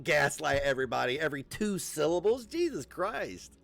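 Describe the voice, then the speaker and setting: A man's voice: medium pitch, sing-song, normal speed. A man ranting on a livestream, profane, combative and sarcastic. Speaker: livestream host.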